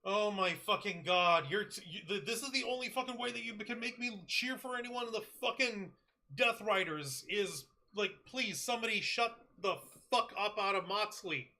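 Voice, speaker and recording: Very bright, blunt-talking man. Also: sits high, moderate pace. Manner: blunt, sarcastic, swears freely. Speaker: wrestling show co-host. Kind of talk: casual podcast banter.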